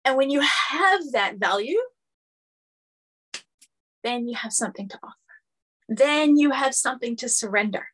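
A woman's voice: high-pitched, expressive, a little slow, pauses often, a bit bright. A woman spiritual teacher giving a lecture, speaking earnestly and building her points through repeated phrases.

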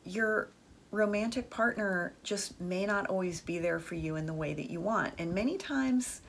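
A woman's voice: mid-range voice, normal speed, vocal fry, slight background noise. A woman giving relationship advice in a chatty, frank monologue, telling stories about friends. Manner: chatty, frank, uses "like" and "the truth is" often. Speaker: dating and relationship advice speaker.

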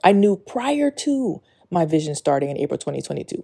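Female podcast host, low pitch, warm mellow tone; reads a passage, then talks off the cuff in an earnest, confessional way. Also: very animated, fairly quick, gravelly, breathy edge. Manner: earnest and confessional, many "like" fillers. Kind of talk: solo spiritual podcast monologue.

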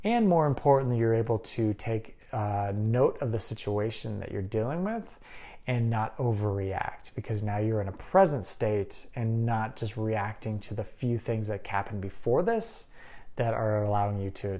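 A man's voice: on the low side, gravelly, dark tone. A man hosting a podcast, talking earnestly and conversationally, often checking in with a "right?". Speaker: podcast host. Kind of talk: casual advice talk.

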